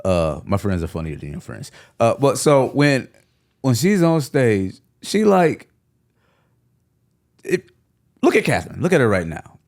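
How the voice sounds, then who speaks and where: A man from Milwaukee co-hosting a podcast, telling stories in an animated way and laughing often. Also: mid-range voice, unhurried, long pauses. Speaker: podcast co-host. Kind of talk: casual comedic chat.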